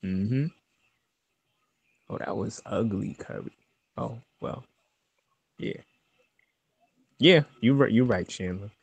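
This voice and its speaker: A man's voice: lowish voice, slow pace, gravelly, long pauses, breathy edge, no room sound, muffled recording. A man co-hosting a casual sports talk show. He goes along easily with his partner, chiming in with short agreements before making his own points. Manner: agreeable, backs up the other host with short replies. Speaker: podcast co-host.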